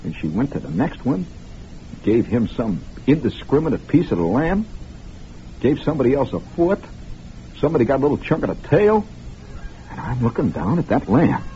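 A man's voice: mid-range voice, big pitch swings, moderate pace, long pauses, mellow. A man telling a long story on the radio in a conspiratorial, mock-grave way, speaking straight to his listeners on an old broadcast recording. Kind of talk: improvised radio monologue storytelling. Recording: lo-fi 1960s radio broadcast, faint hiss.

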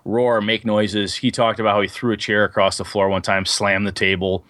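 A man's voice: on the low side, normal speed, no room sound. A man co-hosting a casual podcast about tabletop gaming, telling long rambling stories full of fillers. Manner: rambling, animated storyteller with many fillers. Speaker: podcast co-host.

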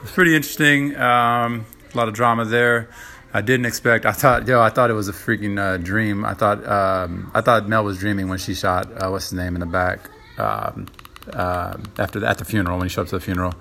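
A man's voice: lowish voice, a little fast, vocal fry, bright, forceful tone. A young man hosting a casual solo podcast, rambling with lots of fillers and profanity. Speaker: podcast host.

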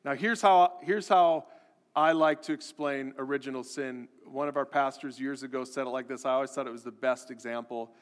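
A man's voice: mid-range voice, smooth. A man preaching a sermon as a pastor, earnest and repetitive, building emphasis as he goes. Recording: long hall reverb.

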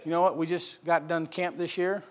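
A man preaching a sermon, swinging from loud emphatic bursts to quiet storytelling. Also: a little high, little pitch movement, brisk. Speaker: pastor.

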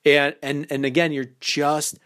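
A man's voice: on the high side, little pitch movement, unhurried, a bit bright. A man hosting a podcast as a dating coach, talking casually with lots of fillers and acting out playful example lines. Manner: casual, loose phrasing with many fillers. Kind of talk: instructional podcast talk.

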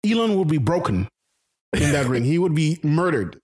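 A man's voice: on the high side, sing-song, moderate pace, a little mellow, breathy edge. A man co-hosting a casual podcast, teasing and arguing, often repeating himself. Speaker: podcast co-host.

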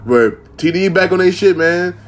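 A man's voice: high-pitched, normal speed, faint music behind. A man from Minnesota hosting a casual solo podcast from home, loose, profane, rambling and joking. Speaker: podcast host.

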